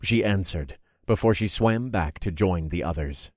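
A man narrating a story in the first person with a measured, dramatic delivery. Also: low-pitched, no echo, clean studio sound.

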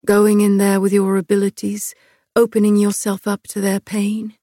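A woman reading an audiobook, voicing a tall young man who speaks low, hushed and intimate, tender and intent. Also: monotone, moderate pace, no room sound, clean studio sound, lightly acted.

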